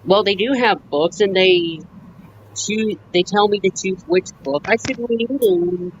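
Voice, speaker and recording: Slow, halting woman on a call. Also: mid-range voice, muffled recording, a little hiss or hum. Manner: halting, with fillers. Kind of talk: casual chat.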